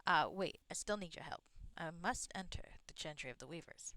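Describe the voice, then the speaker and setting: A woman voicing a male player hero in a deliberately bad fake Southern drawl, reading game dialogue. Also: on the low side, expressive, pushed and bright, dry recording. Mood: hammy.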